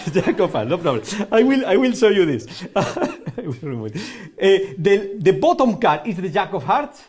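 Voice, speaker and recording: A man's voice: high-pitched, sing-song, moderate pace, darkish tone. A Spanish man with a Spanish accent and broken English, performing a playful live magic show with audience laughter and banter. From Spain.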